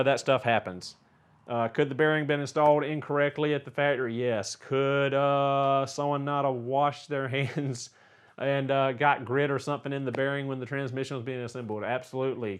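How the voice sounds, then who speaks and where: A man's voice: medium pitch, clean tone. A middle-aged man with a Southern US accent, a car mechanic answering viewer questions in a casual, rambling way, full of "uh" fillers. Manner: folksy, rambling, frequent "uh" fillers. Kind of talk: casual Q&A talk.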